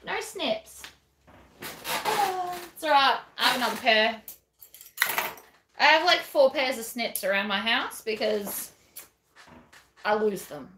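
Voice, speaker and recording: A woman's voice: a little high, animated, takes it slowly, pauses often, roomy sound, background noise. A woman giving a chatty, self-deprecating craft tutorial while she works.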